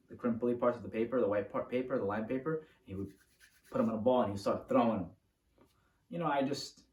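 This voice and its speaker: A man telling a personal story to the camera in a casual, animated way, acting out the moves as he talks. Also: lowish voice. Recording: roomy, from a distance to the mic.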